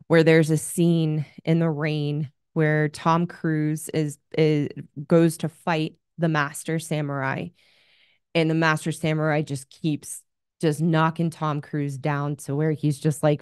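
A woman's voice: deep voice, darkish tone, smooth, dry recording, clean studio sound. A woman hosting an advice show as a relationship coach, talking in an earnest, candid coaching tone. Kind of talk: advice monologue.

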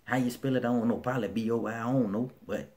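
A man's voice: medium pitch, quick pace, darkish tone. A man with a Birmingham, Alabama accent chatting casually in a vlog, laid-back and slangy, often restarting his sentences. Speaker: vlogger.

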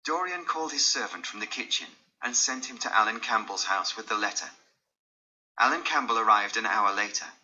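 A man narrating a graded-reader audiobook in a clear storytelling manner. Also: on the low side, normal speed, sharp tone, muffled recording.

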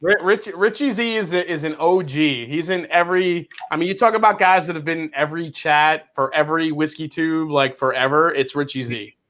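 A man hosting a casual livestream chat, excitable and joking. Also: a little high, a little fast, few pauses. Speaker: host.

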